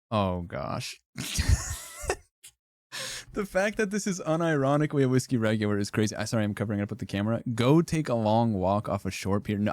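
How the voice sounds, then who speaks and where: A man's voice: fairly low pitch, a little mellow, no room sound, clean studio sound. A man streaming live, ranking things in casual, profane, joking commentary and laughing often.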